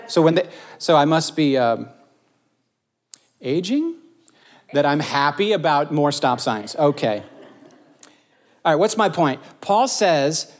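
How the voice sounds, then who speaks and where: Middle-aged male pastor, slightly high voice with lots of swing, jokey sermon delivery. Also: normal speed. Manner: animated, joking, self-mocking storyteller. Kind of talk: casual sermon.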